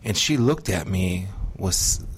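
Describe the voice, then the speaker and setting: A middle-aged man earnestly recounting a personal testimony in an interview, measured and pausing often. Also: low-pitched, animated, slightly rough. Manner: earnest, measured storytelling with frequent pauses. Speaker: guest sharing testimony.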